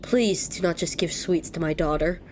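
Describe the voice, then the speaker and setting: A woman's voice: on the low side, normal speed, slight background noise, pitched below the performer's own voice, natural voice. A woman doing a stern, scolding mother. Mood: cold. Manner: clipped and scolding. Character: stern, harsh young mother.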